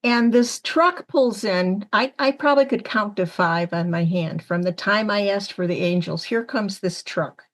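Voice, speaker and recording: A woman's voice: medium pitch, a little slow, few pauses. A woman from the Syracuse area, a medium on a panel, telling personal stories and acting out the lines of people in them. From Syracuse, New York area. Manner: animated storyteller acting out quoted lines. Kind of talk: storytelling on a panel podcast.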